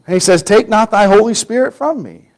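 Man preacher, higher voice, lively sermon delivery that swings between raised quotes and quiet emphasis. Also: brisk, low-quality recording. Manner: animated storytelling, acting out quoted voices, drops to a near-whisper for emphasis.

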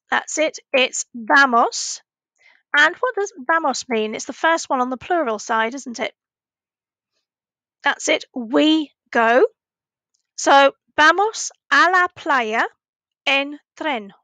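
A woman teaching a recorded language lesson to children, patiently asking questions and pausing for answers. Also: high voice, sharp tone, dry recording. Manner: slow, patient, asks questions and pauses for answers.

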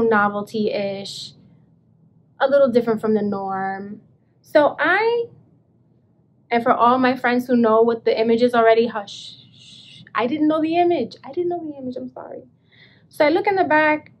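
Chatty high-voiced woman vlogger. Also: a little hiss or hum. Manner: chatty, animated storytelling with excited bursts. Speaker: thrift reseller vlogger. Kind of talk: casual vlog, showing thrift finds.

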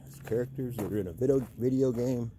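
A man's voice: mid-range voice, fast, noisy background. A man vlogging outdoors to camera in a laid-back, musing way. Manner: laid-back and musing, breaks off to call loudly for his dogs. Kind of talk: casual outdoor vlog, talking to camera.

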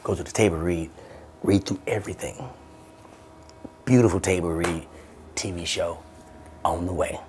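A man hosting a podcast, telling a comedic story in an animated, profane way. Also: low-pitched, normal speed, pauses often, a little hiss or hum. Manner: animated, profane, swaps between voices. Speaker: podcast host.

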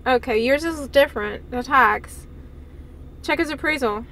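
A woman with a very high voice chatting casually for her vlog. She gushes with excitement, exclaims freely and laughs often. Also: a little slow, slight background noise. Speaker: vlogger.

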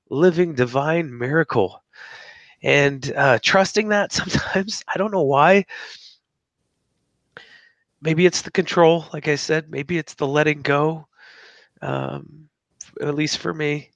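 Halting, reflective male host, near tears. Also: fairly high pitch, vocal fry, no echo. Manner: halting, reflective, many fillers. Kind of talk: casual interview chat.

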